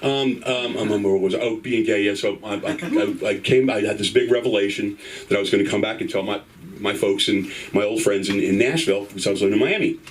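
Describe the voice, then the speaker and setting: A man's voice: fairly low pitch, fast, distant mic, slight background noise. A middle-aged man telling a profane stand-up story on a club stage and acting out the other voices in it. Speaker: stand-up comic. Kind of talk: stand-up set. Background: live audience.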